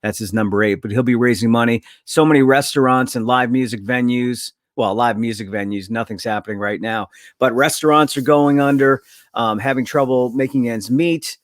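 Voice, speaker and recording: A chatty man hosts a casual talk show, rattling off local plugs and tripping over words as he goes. His voice sits at an ordinary middle pitch and sounds close and dry, with no room around it. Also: steady tone, moderate pace, dry recording. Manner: chatty, loose ad-reads with self-corrections. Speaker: host.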